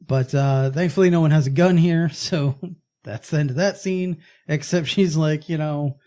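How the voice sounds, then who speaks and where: A man's voice: fairly high pitch, normal speed, mellow. A man co-hosting a movie podcast, recapping the plot in casual chat with wry jokes. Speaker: podcast co-host.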